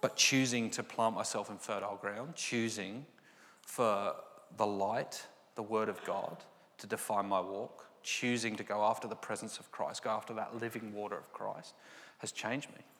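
A man's voice: on the low side, steady tone, normal speed, a bit bright. A man giving a personal Christian testimony, storytelling and acting out the dialogue. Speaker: Christian speaker sharing testimony. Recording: long hall reverb.

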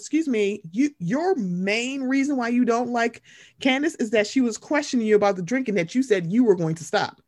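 A woman chats loosely about reality TV on a podcast, swearing freely and acting out what people said. Her voice sits fairly high and swings widely in pitch. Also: normal speed, dry recording, clean studio sound. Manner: animated, acts out quotes, swears freely. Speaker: podcast co-host. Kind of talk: casual chat recapping reality TV.

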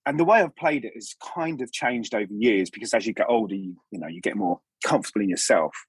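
A man with a slightly husky, breathy voice chats as a podcast guest, spinning long rambling anecdotes about his stage work. He keeps stopping and restarting his sentences. The sound is dry and close, with no room around it. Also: fairly low pitch, fast talker, no echo. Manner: rambling, self-interrupting anecdotes with many restarts. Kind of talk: casual interview storytelling.

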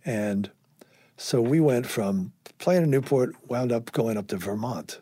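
An older man, a guest musician, telling anecdotes in an animated way, acting out dialogue and swearing casually. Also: mid-range voice, unhurried, slightly rough, no echo, clean studio sound. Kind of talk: anecdotal storytelling.

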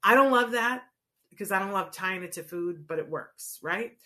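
A woman's voice: medium pitch, expressive, normal speed, bright, forceful tone. A woman coaching parents on teaching a child words, explaining casually and often checking in with "right?". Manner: conversational, checks in with frequent "right?". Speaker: child language therapy coach.

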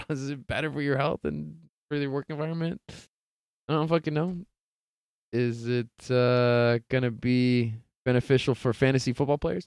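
A man's voice: medium pitch, a little mellow, clear, resonant tone, no room sound. A young man hosting a podcast, chatting casually about sports news in a laid-back, rambling way with lots of swearing. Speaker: podcast host.

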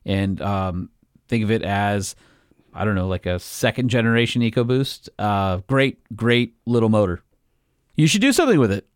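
A man co-hosting a casual podcast, talking through technical points with real enthusiasm. His voice is smooth and resonant, and the sound is dry and close. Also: lowish voice, moderate pace, no echo. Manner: detailed and technical, excited. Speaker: podcast co-host.

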